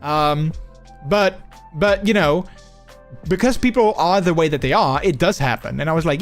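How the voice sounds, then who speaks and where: A man's voice: on the high side, moderate pace. A Dutch man with a subtle Dutch accent, a live streamer chatting casually, reading his chat aloud and answering it. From Netherlands. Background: faint background music.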